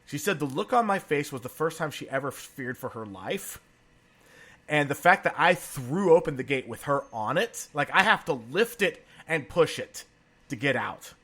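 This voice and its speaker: A man in his thirties co-hosting a podcast, telling family stories in a relaxed chat and laughing often. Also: a little high, normal speed, breathy edge. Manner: animated storyteller, laughs often. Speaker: podcast co-host. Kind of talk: casual conversational storytelling.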